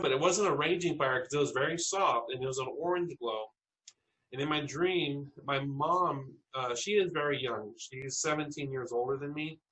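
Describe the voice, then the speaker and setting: A man from South Texas, a podcast interview guest, earnestly telling personal stories with halting restarts. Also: medium pitch, fairly bright tone, poor audio.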